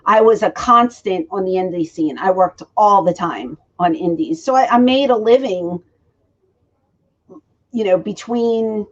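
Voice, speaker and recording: A woman in her forties telling stories in an interview, acting out quoted dialogue. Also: medium pitch. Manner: animated storyteller who acts out quoted dialogue. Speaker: interview guest. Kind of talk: storytelling in a shoot interview. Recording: dull lo-fi recording.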